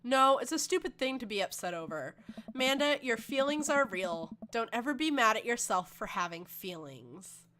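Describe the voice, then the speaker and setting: A woman voicing a middle-aged dad who gives soft, earnest advice. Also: on the high side, very animated, moderate pace, a little hiss or hum. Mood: caring.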